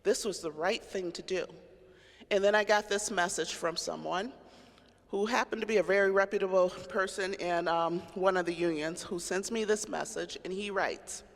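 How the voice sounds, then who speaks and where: A woman's voice: mid-range voice, normal speed. A middle-aged woman, a county sheriff, giving a candid personal storytelling speech and acting out the voices she quotes. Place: large cathedral. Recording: long hall reverb.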